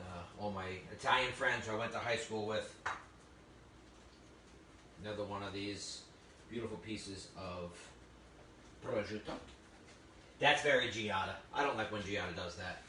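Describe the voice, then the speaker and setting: Enthusiastic guy doing a cooking demo, kinda low voice, far from the mic. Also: bright, forceful tone, slight background noise. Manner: chatty, exclamatory and enthusiastic. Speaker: cooking demonstrator. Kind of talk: live cooking demonstration. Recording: roomy, distant mic with faint ambience.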